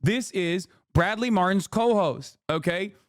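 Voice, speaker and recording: A man streaming a heated, profane reaction rant, shouting and mocking as he goes. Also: sits high, measured pace, no room sound, clean studio sound.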